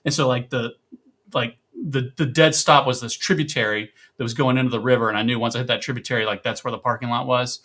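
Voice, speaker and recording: A man in his thirties or forties, a podcast guest telling a camping story in a casual, animated way and loudly acting out the voices he quotes. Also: mid-range voice, fast talker.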